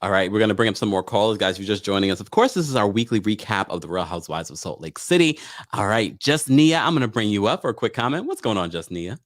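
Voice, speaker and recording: A man hosting a live weekly recap stream, briskly pinning links and bringing up callers. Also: on the low side. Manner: relaxed, brisk, managing callers. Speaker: livestream host. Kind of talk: live recap show with call-ins.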